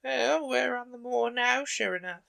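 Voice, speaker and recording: A man putting on a brisk housekeeper woman. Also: very high voice, gravelly, bright, forceful tone, pitched above the performer's own voice, heavily acted.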